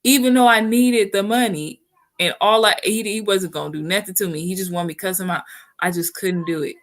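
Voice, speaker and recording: A woman's voice: mid-range voice, fairly even intonation, brisk. A woman talking frankly in a casual, chatty way, often checking in with the listener. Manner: frank and chatty, often says "you know what I'm saying". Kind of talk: candid casual chat.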